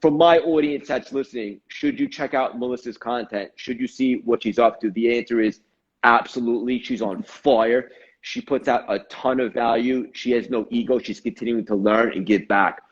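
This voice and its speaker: A man's voice: mid-range voice, normal speed. A man hosting a podcast interview, effusive and encouraging toward his guest. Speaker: podcast host. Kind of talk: casual interview chat. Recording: slightly dull, lo-fi sound.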